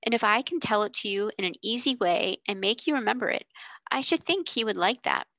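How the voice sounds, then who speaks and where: A woman's voice: mid-range voice, animated, a little fast, fairly bright tone, no room sound. A woman voicing an earnest, thoughtful young girl who loves books, speaking in an eager, sincere way in a storybook reading.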